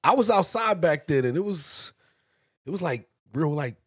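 A man hosting a casual podcast chat, asking questions in a relaxed, slangy way. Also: on the high side, moderate pace, slightly rough. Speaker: podcast host.

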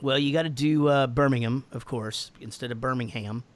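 A man's voice: mid-range voice, a little fast, clear, resonant tone. An American man in casual podcast chat, answering fan questions with lots of laughing, swearing and restarts. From United States. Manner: laughing, profane, rambling with restarts.

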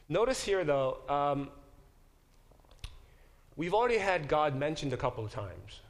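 A man's voice: fairly high pitch, lively intonation, a little slow, long pauses. A man teaching a Bible class as a professor, explaining words and passages, questioning his students and correcting himself as he goes. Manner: engaged, questions the class directly; corrects himself mid-sentence.

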